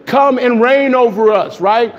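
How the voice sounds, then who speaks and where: A man preaching a sermon, excited and emphatic, often asking his listeners questions. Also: very high-pitched, a little slow, dull audio. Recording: long echo of a hall, faint noise.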